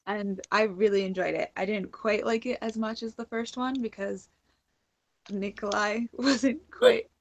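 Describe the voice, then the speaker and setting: A woman guesting on a book discussion stream, relaxed and laughing, hedging her words with "like". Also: mid-range voice, measured pace, gravelly. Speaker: booktuber guest. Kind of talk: casual chat.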